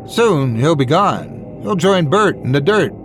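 A man's voice: a little high, big pitch swings, a little slow, a bit bright, slight background noise, voice pushed up. A man voicing a brash, cruel teenage boy bully in a spoken horror story, taunting and snarling. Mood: mocking.

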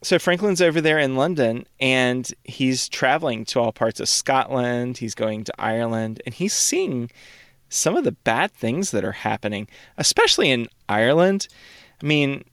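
A man co-hosting a history podcast, telling events in a relaxed, chatty way. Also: medium pitch, normal speed, clear, resonant tone, no echo, clean studio sound. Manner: relaxed storytelling, quotes figures in casual speech. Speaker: podcast co-host. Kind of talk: casual history chat.

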